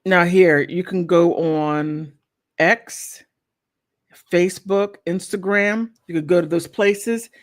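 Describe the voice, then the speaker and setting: A woman's voice: on the low side, fairly even intonation, slow. A woman hosting her own channel, talking casually while she browses online, thinking aloud with many restarts. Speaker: channel host.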